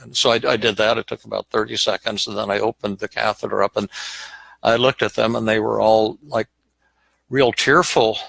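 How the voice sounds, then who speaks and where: An older man, a psychiatrist, telling a personal story in a live question-and-answer session, halting and repeating words as he goes. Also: on the low side, flat delivery, vocal fry, a bit bright, no room sound, poor audio. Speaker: psychiatrist and podcast host.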